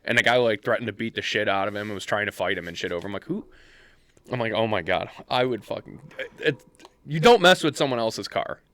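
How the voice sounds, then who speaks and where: A man's voice: on the low side, animated, fast talker, a bit bright. A man co-hosting a podcast, telling stories in casual chat with lots of swearing and heated outbursts. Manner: profane, heated storytelling. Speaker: podcast co-host.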